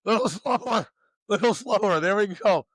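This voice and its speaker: Upbeat male pitching coach, slightly high voice, teasing, shouting cues, dry room. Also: moderate pace, no room sound. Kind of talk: coaching a youth warm-up.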